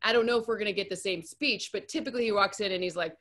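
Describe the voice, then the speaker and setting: A woman's voice: mid-range voice, racing, fairly bright tone. A woman, an analytics expert guest, chatting upbeat on a podcast with many "like"s. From grew up partly in Luxembourg. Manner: upbeat, lots of "like". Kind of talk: casual podcast chat.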